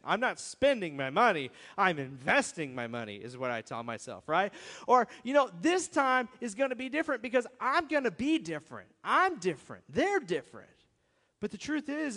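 A man's voice: high voice, fairly bright tone. A middle-aged man preaching a conversational, emphatic sermon, often turning to his listeners with rhetorical questions. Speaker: pastor. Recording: long reverb of a church hall.

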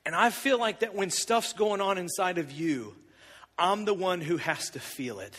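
Animated man preaching in a reverberant hall. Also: sits high, normal speed. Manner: animated, confessional storytelling with big swings in volume. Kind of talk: sermon storytelling.

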